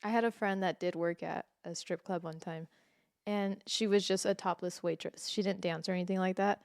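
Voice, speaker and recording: A woman's voice: lowish voice, normal speed, vocal fry, dry recording, clean studio sound. A young adult woman co-hosting a casual podcast, telling stories with lots of swearing and acted-out quotes. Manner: animated storyteller, swears freely, acts out quotes. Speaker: podcast co-host. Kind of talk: casual chat.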